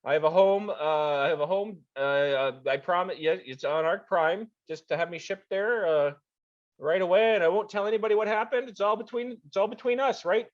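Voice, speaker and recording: A man's voice: high voice, normal speed, mellow, dry recording, voice pushed up, close to an everyday voice. A man voicing a panicky cowardly young man who stammers and pleads, in a dull lo-fi recording.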